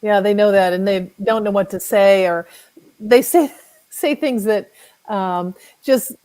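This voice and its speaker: A woman's voice: medium pitch, measured pace, dark tone, low-quality recording. A middle-aged woman, a guest author, speaking candidly and wryly in a casual interview. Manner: candid, wry with light laughs.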